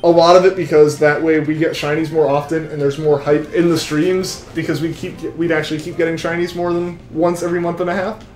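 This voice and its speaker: A man's voice: on the high side, flat delivery, a little fast, few pauses, darkish tone, echoey room, faint music behind. A young man live-streaming a game, chatting with viewers in a rambling, casual way. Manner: rambling, chatty, full of restarts. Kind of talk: live-stream chat while shiny hunting.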